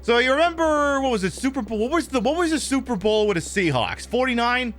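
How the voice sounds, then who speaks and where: A man's voice: extremely high pitch, faint music behind. A man hosting a live stream, chatting casually and rambling while he plays a game. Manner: rambling, animated, drops into quick impressions. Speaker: streamer host.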